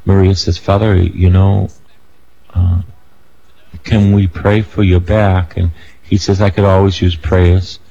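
An older man delivers a sermon in a low voice at an unhurried, deliberate pace. He presses emphatically on key phrases, sometimes rising to near shouts, then slips into casual asides and self-corrections. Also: little pitch movement, gravelly, highs cut off. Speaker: preacher.

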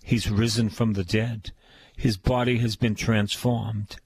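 An older man preaching a sermon, slow and emphatic, repeating his phrases. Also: lowish voice, flat delivery, darkish tone.

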